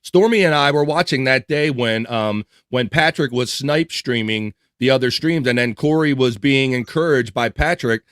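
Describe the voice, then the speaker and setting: A man's voice: medium pitch, normal speed, few pauses, a bit bright, no room sound, studio quality. A man hosting a casual podcast chat, easygoing and laid-back, reading comments and asking questions. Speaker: podcast host.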